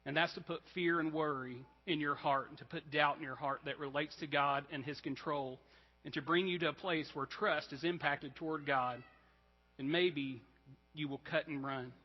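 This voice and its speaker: A male pastor with a somewhat high voice gives a relaxed, chatty sermon, often checking in with the room. The recording is dull and muffled. A long church-hall reverb trails behind his words. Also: moderate pace. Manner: casual, frequent "like" and "right?" check-ins. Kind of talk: conversational sermon. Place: church sanctuary.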